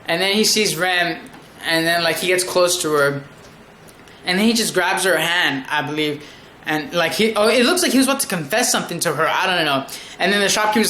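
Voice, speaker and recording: A fired-up anime reviewer rambling through an episode recap, cursing freely. The voice is bright and forceful, and the recording has a roomy echo with faint ambience underneath. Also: medium pitch, a little fast, slight background noise. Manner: excitable, rambling, profane.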